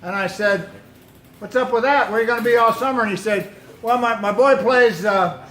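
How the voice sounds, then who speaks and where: A man with a high, light voice speaks as a pastor, quizzing his young listeners and repeating their answers back to them. He sounds like he is in a big echoey room. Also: normal speed, fairly bright tone, a little hiss or hum. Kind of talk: talk to a youth football team.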